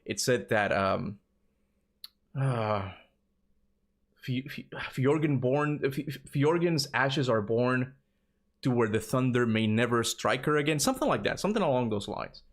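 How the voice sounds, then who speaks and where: A man in his thirties chatting casually with viewers during a game livestream, excitable and talking straight to his chat. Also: mid-range voice, a little slow. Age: 30s. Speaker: streamer.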